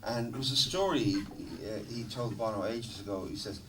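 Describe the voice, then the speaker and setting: A middle-aged man, a musician guest in an interview, telling stories in a lively, laughing, swearing manner. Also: fairly low pitch, moderate pace. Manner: animated, swearing, laughing storyteller. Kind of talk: casual storytelling interview. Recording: distant mic with noticeable background noise.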